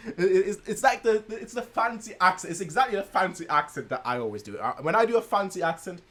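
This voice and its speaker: A young man talks casually as he reacts to a video, chatty and animated and quick to laugh. His voice sits a little high and swings up and down a lot as he talks. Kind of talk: casual chat.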